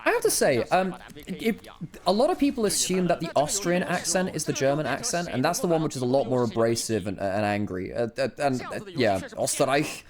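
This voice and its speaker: A male esports caster with a high, lively voice delivers fast play-by-play commentary. He is excitable and jokey, jumping from shouts to mutters. A crowd cheers behind him.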